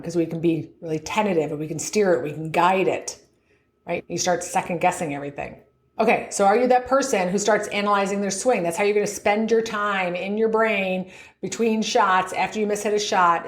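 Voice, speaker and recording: A woman's voice: mid-range voice, echoey room. A middle-aged woman coaching golfers on their mental game in a podcast, upbeat, often laughing and acting out the thoughts in their heads. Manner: upbeat, laughs often, acts out inner voices.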